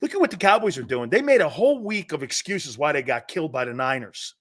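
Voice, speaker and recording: Animated, blunt sports talk host, man. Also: fast talker. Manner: animated, blunt storytelling with swings in pitch and loudness.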